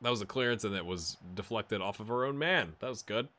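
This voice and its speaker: A man giving casual, amused commentary while playing a football management game, getting excited during the action. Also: fairly low pitch, brisk. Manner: chatty, amused, jumps to excited play-by-play. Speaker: gaming YouTuber. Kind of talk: casual let's-play commentary.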